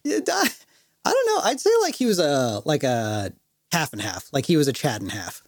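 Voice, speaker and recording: A man co-hosting a podcast and telling a story in an animated, laughing way, full of fillers. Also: mid-range voice, normal speed, dry recording, clean studio sound. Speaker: podcast co-host. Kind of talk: casual storytelling chat.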